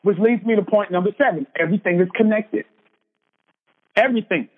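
Man, 30s, motivational speaker: high voice, preachy repetition, thin phone-like audio in a long-echo hall. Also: brisk. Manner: preachy, emphatic, repeats lines for effect. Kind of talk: motivational speech. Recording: tinny phone-like sound with long hall reverb.

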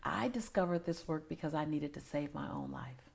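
A woman's voice: deep voice, animated, normal speed, vocal fry, slightly rough. A woman in her forties, a motivational speaker telling a personal story as an interview guest, earnest and emotional, sometimes dropping to a near-whisper.

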